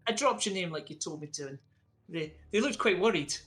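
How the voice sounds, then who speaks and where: A man plays a teasing young worker at a late-night noodle stand, easygoing and friendly. His voice is high and bright. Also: lively intonation, fairly quick. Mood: grateful. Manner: easygoing, playful.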